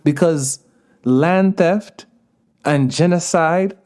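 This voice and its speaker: A man's voice: on the high side, drawn-out words, a little mellow. A man in his thirties with a Jamaican-tinged accent, a podcast guest making his point earnestly with digressions and laughs. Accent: Jamaican patois touches. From United States. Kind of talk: conversational interview.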